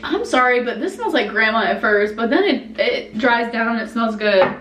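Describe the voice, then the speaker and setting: A woman's voice: on the high side, normal speed, a little hiss or hum. Chatty young woman vlogging in an echoey room. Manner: chatty, animated, talks to herself. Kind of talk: casual vlog chat to camera. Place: home. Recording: echoey room, camera at a distance.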